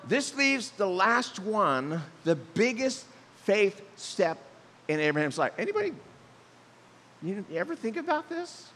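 A man with a high voice preaches a sermon, telling stories with animation and acting out the people he quotes. His voice carries the long reverb of a big hall. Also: fairly bright tone. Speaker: pastor.

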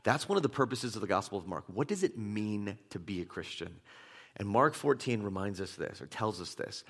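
A man pastor preaching a sermon in a conversational, animated way, acting out little asides from his listeners. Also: lowish voice, brisk. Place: church hall.

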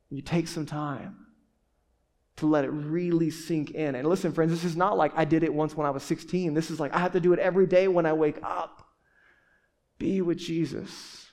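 A man's voice: on the high side, a little mellow. A man in his forties preaching a sermon in a casual, conversational way, with asides and restarts. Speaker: pastor.

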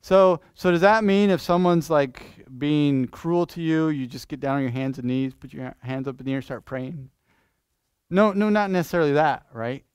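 A pastor preaching in church, lively and questioning, restarting phrases and asking the congregation things. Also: male voice, fairly high pitch, normal speed, smooth, no room sound, studio quality. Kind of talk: sermon.

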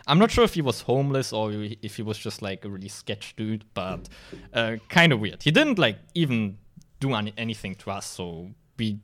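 A man's voice: lowish voice, very animated, moderate pace, a bit bright. A young man hosting a casual podcast, telling a story with lots of fillers. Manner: rambling storytelling with many fillers. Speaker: podcast host.

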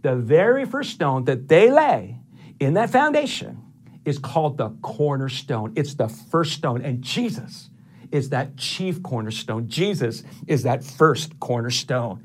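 A man's voice: medium pitch, very animated, unhurried. A middle-aged male pastor preaching a sermon, stressing each numbered point with repetition.

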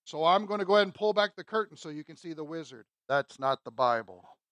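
A woman's voice: lowish voice, very fast, no room sound. A woman teaching a sermon through a Bible passage, emphatic and conversational, often asking her listeners rhetorical questions. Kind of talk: expository sermon.

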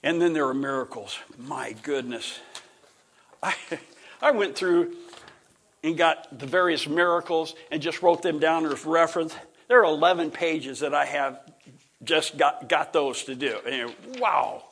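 A middle-aged man teaching a Bible lesson in an informal lecture style, rambling, restarting sentences, clearing his throat and chuckling. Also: fairly high pitch, a little slow, a bit bright.

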